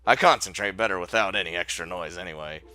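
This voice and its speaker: With a low-sitting, pushed and bright voice and a quick pace, this man hosts a let's play of a visual novel, reading the story out loud. He swears casually, laughs, and breaks off partway through sentences to begin again.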